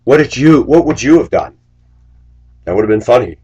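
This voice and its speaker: A man's voice: medium pitch, animated, moderate pace, mellow, slightly rough, highs cut off. A man who drives a school bus, telling stories and preaching in a rambling, aggrieved personal monologue. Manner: preachy, aggrieved, storytelling with asides.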